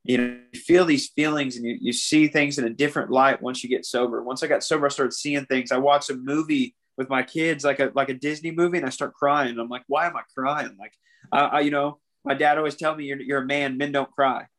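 A man's voice: medium pitch, fairly even intonation, brisk, fairly bright tone. A young man, a podcast guest, talking candidly and earnestly about something painful, often saying "man.". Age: young adult. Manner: earnest, emotional, calls people "man". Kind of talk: candid interview talk.

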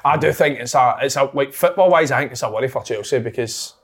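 A man's voice: medium pitch, quick pace, husky. A man co-hosting a casual football podcast, rambling and restarting his points. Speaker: podcast co-host.

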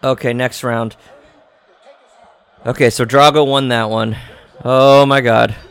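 A podcast host giving live, jokey reaction commentary while watching a film, often exclaiming and gasping. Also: male voice, medium pitch, steady tone, takes it slowly, gravelly, clean tone. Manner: jokey asides.

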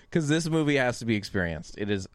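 A man's voice: mid-range voice, fairly quick. A man on a podcast, chatting casually and swearing as he laughs his way through a review of a bad movie. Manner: animated, swearing, laughing often. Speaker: podcast co-host.

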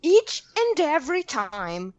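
High, lively woman teasing her co-hosts. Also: slow, lo-fi sound, a crowd in the background. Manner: teasing, emphatic. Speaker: podcast co-host. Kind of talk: casual chat.

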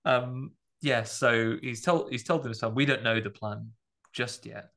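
A man in easy podcast conversation, talking through a film scene by scene. He slips into quick voices for the characters and laughs along as he goes. His pitch sits in an ordinary middle range. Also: vocal fry. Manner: animated storytelling, acting out characters' lines with laughs. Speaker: podcast co-host. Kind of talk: casual chat recapping a film.

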